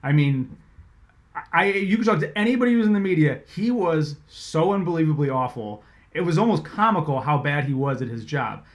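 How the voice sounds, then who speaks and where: Animated man telling a story. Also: fairly high pitch, moderate pace. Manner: animated, conversational, swears freely. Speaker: sports reporter. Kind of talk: casual storytelling.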